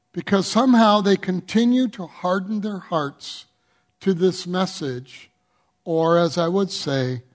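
A man preaching a sermon as pastor, earnest and pleading, with emphatic swells and scripture read aloud. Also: high-pitched. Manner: reads scripture aloud slowly.

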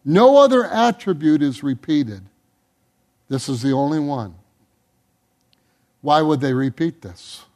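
A man delivers a sermon to his congregation in a fairly high voice, speaking slowly and deliberately. He builds intensity over repeated words, then lets his phrases fall away low and quiet. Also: animated. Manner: drops to a low, soft voice at phrase ends. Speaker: pastor.

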